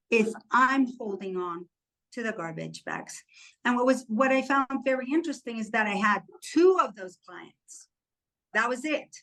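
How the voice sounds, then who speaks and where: A woman's voice: a little high, a bit bright, poor audio. Candid woman telling a personal story. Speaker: podcast co-host. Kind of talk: casual chat.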